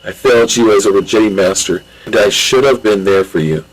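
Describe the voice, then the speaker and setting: A man's voice: fairly low pitch, a little fast, natural voice, rough recording. A man voicing Ratchet, a brash young male fighter who talks slangy and cocky. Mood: pleading. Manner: cocky, slangy, turns pleading.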